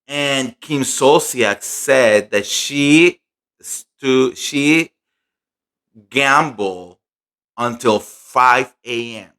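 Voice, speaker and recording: Young guy spilling reality tv gossip, animated, lots of likes and you knows. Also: medium pitch, extremely slow, clean tone. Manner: gossipy, animated, many fillers. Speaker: pop culture vlogger. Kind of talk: casual chat recap.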